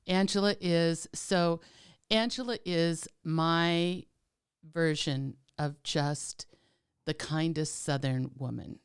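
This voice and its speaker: A podcast co-host chats casually in a low, slow, clear voice with a resonant tone. She's warm-hearted and teasing, filling her talk with plenty of "like" and "um."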